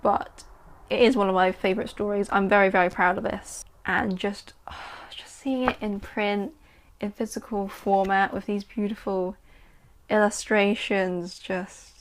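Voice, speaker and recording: A chatty woman talks eagerly about her writing, often bursting with excitement. Her voice sits at a medium pitch. She then reads aloud from her own story. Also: measured pace, slight background noise. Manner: excitable, chatty, filler-heavy. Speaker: writer and vlogger. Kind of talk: casual chat and story reading.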